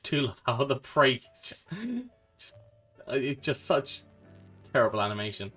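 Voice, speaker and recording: A man's voice: mid-range voice, moderate pace, sharp tone. A man giving casual, heartfelt gameplay commentary as a channel host, rambling and trailing off into fillers. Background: game music.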